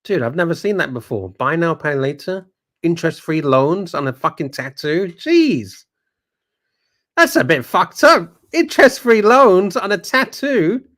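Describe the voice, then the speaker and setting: A man's voice: on the high side, sing-song, a little slow, a bit bright. A man co-hosting a livestream, bantering casually and reacting with swearing and exclamations. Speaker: livestream co-host.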